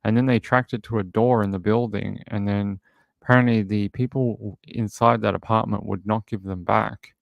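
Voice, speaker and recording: A man's voice: on the low side, steady tone, moderate pace, vocal fry, no room sound, muffled recording. A man hosting a true crime livestream, rambling casually and thinking aloud.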